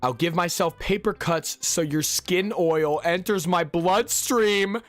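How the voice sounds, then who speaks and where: Guy doing an obsessive shy girl, rushed and breathy, game music low behind. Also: a bit bright, no room sound. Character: shy, obsessive young woman.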